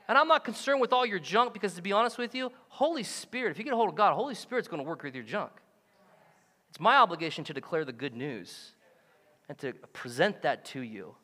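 A man preaches to his congregation, his voice bright and pitched high. His delivery swings widely in pitch as he jokes and acts out the people he describes. The sound carries a long reverb from the church hall. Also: quick pace. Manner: animated and joking, acts out quoted voices. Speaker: pastor. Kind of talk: sermon. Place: church sanctuary.

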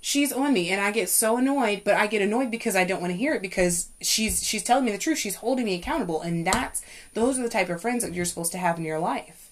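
A young adult woman hosting a faith-based talk, speaking in an emphatic, preachy way that climbs high and loud when she gets fired up. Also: fast talker. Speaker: podcast host.

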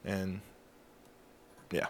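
Young man telling a story, self-mocking. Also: drawn-out words. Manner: animated storyteller, acts out quotes, self-mocking. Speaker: podcast co-host. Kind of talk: casual storytelling chat.

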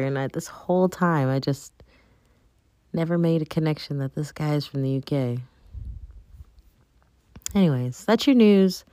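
A woman's voice: low-pitched, darkish tone, no room sound, studio quality. A woman hosting her own show, chatting casually and rambling with plenty of fillers. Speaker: podcast host. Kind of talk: casual solo chat.

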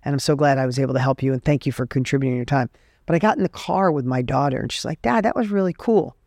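A man's voice: medium pitch, racing, gravelly, darkish tone, no echo, studio quality. A middle-aged man giving an earnest, emphatic motivational talk as a podcast host, telling stories to make his points. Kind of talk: motivational monologue.

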